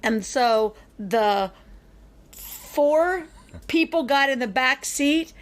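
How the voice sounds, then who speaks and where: A woman hosting a podcast, telling a long personal story in an animated, chatty way with frequent fillers. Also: high-pitched, drawn-out words. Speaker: podcast co-host. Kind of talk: casual storytelling chat.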